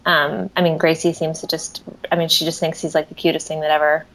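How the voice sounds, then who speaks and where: A woman's voice: sits low, flat delivery, a little fast, slight background noise, poor audio. A woman in her thirties, a mother who runs her own business, chatting casually, laughing often and trailing off mid-thought. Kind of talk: casual conversation.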